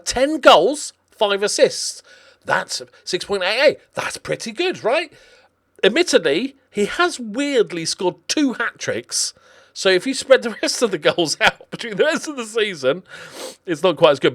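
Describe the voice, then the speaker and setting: A man talks through his video game season in a loose, chatty way. He fills his sentences with ums and likes and often stops to restart them. His pitch sits in the ordinary middle range for a man. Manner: chatty and animated, with lots of fillers. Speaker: gaming commentator. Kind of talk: casual video game commentary.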